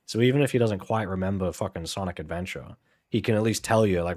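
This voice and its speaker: A man's voice: sits low, quick pace, darkish tone. Rambling man chatting over gameplay. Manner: rambling, filler-heavy, frank. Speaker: gaming channel host. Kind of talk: casual commentary while playing a game.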